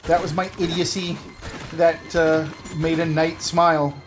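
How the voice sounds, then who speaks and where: A Canadian man in his thirties hosts a gaming video, rambling and poking fun at himself as he tells a story over casual gameplay commentary. His voice sits on the high side, with a flat, unhurried delivery and soft music in the background.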